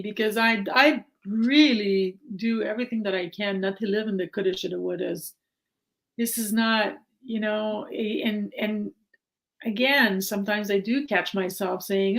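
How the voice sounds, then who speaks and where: A woman's voice: medium pitch, measured pace, low-quality recording. Reflective middle-aged woman, podcast guest. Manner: reflective, animated, with restarts. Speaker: guest, mindset coach. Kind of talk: casual conversation.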